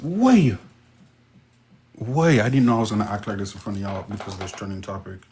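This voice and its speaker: Excitable Jamaican-accented man streaming live. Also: racing, slight background noise. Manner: excitable, interjects sudden high-pitched exclamations. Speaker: livestream host. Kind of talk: casual livestream chat reading viewer comments.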